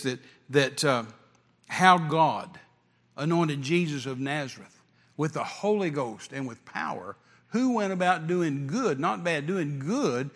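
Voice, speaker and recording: Older male preacher with a drawl, slightly high voice, emphatic and repetitive, hall reverb. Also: a bit bright. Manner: emphatic, repetitive, stammering restarts. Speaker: evangelist preacher. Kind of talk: sermon storytelling.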